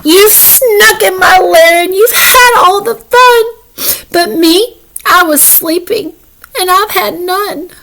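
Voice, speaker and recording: A woman's voice: extremely high pitch, slow pace, creaky, pushed and bright, voice pushed up, exaggerated voice, poor audio. A woman voicing a big sulky male bear in a read-aloud storybook, whimpering and wailing because he missed the fun. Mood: sobbing, hurt.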